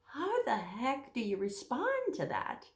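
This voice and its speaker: A woman giving a casual Bible teaching talk, animated, acting out the voices she quotes. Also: high voice, slow pace, echoey room.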